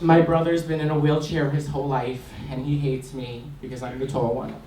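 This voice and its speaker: A man's voice: mid-range voice, flat delivery, normal speed, dark tone. A man performing a stand-up comedy set in a comedy club, delivering punchy, brash jokes and mimicking voices. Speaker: stand-up comic. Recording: echoey club sound from far off, clear background noise.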